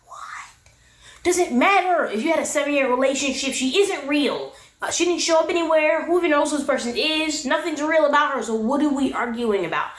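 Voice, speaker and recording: A woman's voice: high voice, expressive, a little fast, reverberant. A young woman hosting a casual reality TV recap, sassy and exasperated. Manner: sassy, exasperated, quoting people in mock voices. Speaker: TV recap host.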